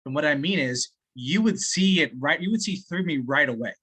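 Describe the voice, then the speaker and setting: An excitable man gives feedback over a video call, swearing freely and breaking into laughs. His voice is bright and forceful, and he gets carried away as he talks. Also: a little high, a little fast, breathy edge. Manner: excitable, swears often, laughs while talking. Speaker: sales training partner giving feedback. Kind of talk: casual call chat.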